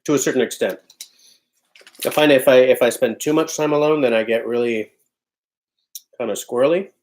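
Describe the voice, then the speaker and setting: A man hosts a livestream from his home, chatting in a loose, offhand manner as he reads out what viewers write. His voice sits at an ordinary middle pitch. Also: moderate pace, a little mellow. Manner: loose, chatty and offhand, often breaking into laughter. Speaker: livestream host. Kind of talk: casual chat reading out viewer comments.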